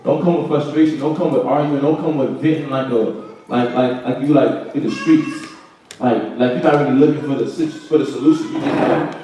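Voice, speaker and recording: A brisk, mid-range male voice with a steady, dark tone explains Bible verses to a class. His preaching is casual, sprinkled with slang and quotes he performs. The sound is echoey and distant-miked.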